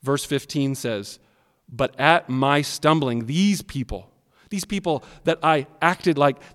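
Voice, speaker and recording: Man, pastor, fairly high voice, expressive sermon, long hall reverb. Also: slow pace. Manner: expressive preaching, addresses kids directly.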